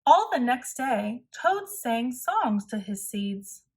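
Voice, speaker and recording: A woman narrating a storybook read-aloud for children, reading slowly and deliberately. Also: on the high side, big pitch swings, a little mellow, husky.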